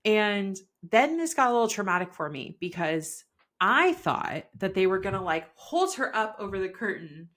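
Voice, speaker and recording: A young woman telling a personal story in casual chat, peppered with "like" and laughs, quoting herself and others in animated bursts. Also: mid-range voice, moderate pace. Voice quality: chatty, peppered with "like", laughs often. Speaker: podcast guest telling her birth story.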